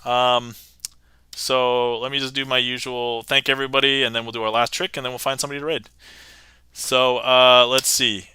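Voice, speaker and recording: A man hosts a live magic stream from a desk mic, chatting upbeat with viewers and thanking them one by one. His voice is strikingly bright and smooth, and the sound is dry with no room echo. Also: medium pitch, level tone, normal speed. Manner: chatty and upbeat, reading chat aloud with thanks. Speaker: magician livestream host. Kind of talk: casual livestream chat.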